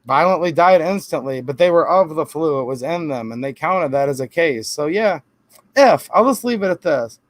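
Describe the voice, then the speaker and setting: High-voiced man ranting on a live stream. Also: expressive, moderate pace, dry recording. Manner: rambling, emphatic, defensive asides. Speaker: channel host answering viewer comments. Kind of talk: casual live-stream talk.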